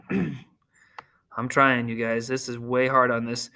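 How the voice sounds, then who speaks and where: A man's voice: medium pitch, takes it slowly, gravelly, pushed and bright, smooth. A man teaching a recorded remote math lesson to children, upbeat, cracking corny jokes and teasing himself, talking through a screen share.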